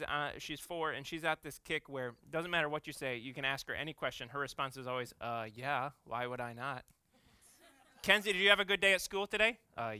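A man's voice: medium pitch, pushed and bright, clean tone. A man in his thirties, an executive pastor, giving a conversational sermon full of playful, self-mocking family stories.

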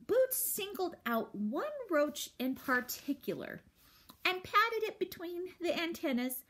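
A woman, a teacher, reading a children's book aloud with expressive storytelling. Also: high voice, takes it slowly.

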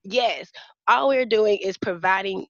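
A woman's voice: medium pitch, measured pace, fairly bright tone, dry recording, lo-fi sound. A young woman speaking earnestly and passionately as a guest in an interview over a video call. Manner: earnest, impassioned, Southern-tinged casual speech. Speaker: nonprofit founder, guest. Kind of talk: emotional interview talk.

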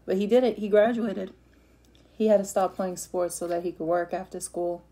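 A woman's voice: mid-range voice, fairly even intonation, moderate pace, dark tone. A middle-aged woman vlogger rambling casually in an eating-show chat, chatty and emotional.

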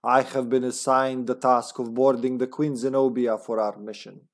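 Reading game text aloud in a flat, mid-range voice at normal speed, the speaker plays a mock-Russian terrorist, a grim male agent keeping a diary. His acting is light, his tone solemn, and the comrade accent clearly put on.

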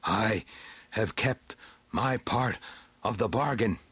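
A husky-voiced man voicing a bold beast-man warrior in a storybook reading, with forceful, slow declarations. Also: lowish voice, lively intonation, no echo, heavily acted. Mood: defiant.

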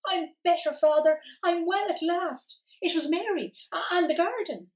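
A woman voicing a sickly, sad young boy with a soft, plaintive way of speaking in a storybook reading. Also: very high-pitched, normal speed, reverberant, pitched above the performer's own voice. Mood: joyful. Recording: voice from a distance.

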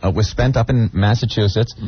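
A man co-hosting a radio show, telling a story with lively, mocking impressions. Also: brisk, husky, dry recording. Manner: animated storytelling, mocking high-voiced impressions. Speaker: radio co-host. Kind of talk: morning radio banter. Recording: dull lo-fi radio broadcast.

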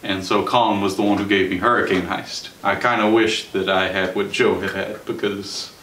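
A man's voice: fairly low pitch, fairly even intonation, a bit bright, a little hiss or hum. Sarcastic young man reviewing movies, roomy. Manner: sarcastic, chatty, quick asides with laughs. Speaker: show host and movie reviewer. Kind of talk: casual spoken movie review. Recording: roomy sound from a distance.

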